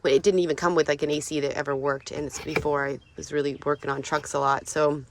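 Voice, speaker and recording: Speaking fast and flatly in a low-pitched voice against a noisy background, a vehicle-dwelling vlogger from California talks casually to the camera in and around her truck outdoors. She's chatty and emotional, frequently laughing and gasping.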